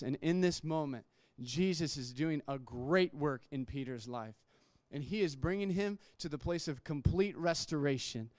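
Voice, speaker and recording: A man's voice: fairly high pitch, darkish tone, no room sound, studio quality. A man preaching a sermon in a conversational way, restarting words and acting out quotes. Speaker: pastor.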